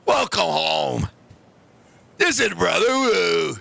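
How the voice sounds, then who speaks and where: A man putting on a brash, self-styled young kung fu monk who shouts slow, mock-solemn declarations. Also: high-pitched, sing-song, gravelly, pitched below the performer's own voice, exaggerated voice. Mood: boastful.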